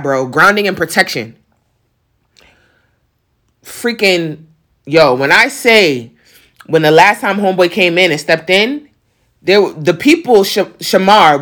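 A woman's voice: on the low side, a bit bright. Emphatic woman telling a story in slang. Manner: emphatic, slangy, addresses viewers directly. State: on the verge of tears. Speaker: vlogger telling a personal story. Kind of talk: casual storytelling to viewers.

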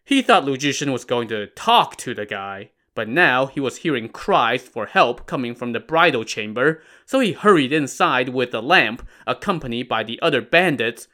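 A man's voice: medium pitch, big pitch swings, normal speed, hardly any pauses, sharp tone. A man narrating a classic tale in a casual, wry style with modern slang. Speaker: storyteller.

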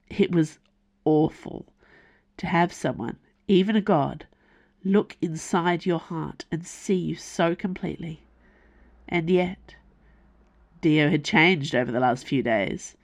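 A woman reading her own fantasy novel aloud as audiobook narration, measured and unhurried. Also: deep voice. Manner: slow, measured storytelling.

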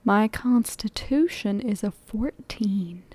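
A woman's voice: medium pitch, slow, a little mellow, dry recording, studio quality. A woman playing a tabletop game, thoughtfully describing what her character does. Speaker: player.

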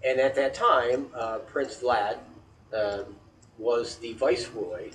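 A man's voice: medium pitch, takes it slowly, fairly bright tone, a little hiss or hum. A man co-hosting a casual chat, teasing his partner and chiming in with asides. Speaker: podcast co-host. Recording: distant mic with faint ambience.

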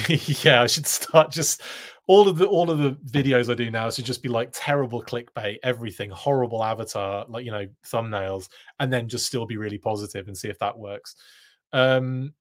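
A man's voice: medium pitch, moderate pace. A man hosting a live stream, reading chat comments aloud in a casual, self-deprecating way with frequent laughs.

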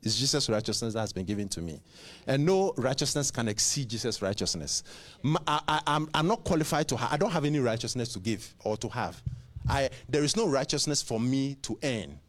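A man's voice: medium pitch, animated, fairly quick, fairly bright tone. A man preaching a sermon who fires off rhetorical questions and often repeats words and restarts.

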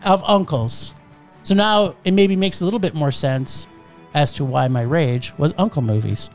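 A woman's voice: low-pitched, moderate pace, darkish tone, soft background music. A woman hosting a casual film-review chat, ranting with exasperation and swearing. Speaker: podcast host reviewing films.

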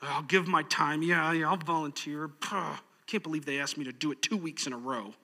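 A man's voice: on the high side, normal speed, pushed and bright. A man putting on a grudging churchgoer who complains about serving. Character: grudging churchgoer, grumbling adult.

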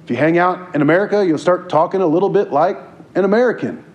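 A man's voice: sits high, quick pace, muffled recording. A man preaching a sermon in an earnest, conversational way, sometimes repeating words as he goes.

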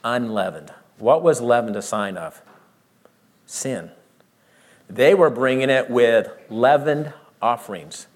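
Man teaching scripture with lively emphasis. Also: slow pace, pauses often. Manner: explains by asking questions and answering them; lively, rising for emphasis and dropping low to explain. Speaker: pastor. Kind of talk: verse-by-verse Bible teaching.

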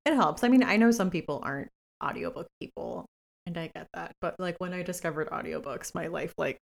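A woman with a low, gravelly voice hosts a podcast from her home work space. She talks into a professional mic in a relaxed, chatty way, eager to recommend books. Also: brisk. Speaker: podcast host. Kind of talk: casual podcast chat. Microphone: professional studio microphone.

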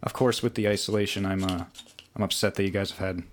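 A man's voice: sits low, fairly even intonation, fast, slight background noise. A man co-hosting a podcast in casual chat, laughing often. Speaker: podcast co-host.

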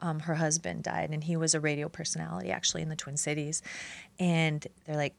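A woman's voice: sits low, level tone, brisk, creaky. A middle-aged woman journalist telling stories on a podcast, animating them by acting out the voices of the people she quotes. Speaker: podcast guest, newspaper journalist. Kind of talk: casual storytelling conversation.

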